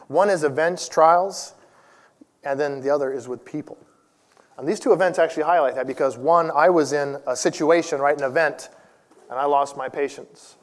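A man in his forties, a church elder, preaching a sermon in a conversational, self-deprecating storytelling way. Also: a little high. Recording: long reverb of a large hall.

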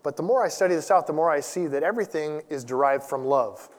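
Male preacher, 40s, slightly higher voice, chatty and self-mocking, long hall reverb. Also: quick pace. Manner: conversational storytelling with self-deprecating humor. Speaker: church elder preaching. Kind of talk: sermon.

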